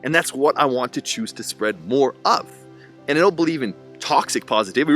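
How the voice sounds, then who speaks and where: A man's voice: mid-range voice, lively intonation, fairly quick, a bit bright, soft background music. A young man earnestly reflecting on being a single dad, in a spiritual self-help tone. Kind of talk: reflective personal vlog monologue.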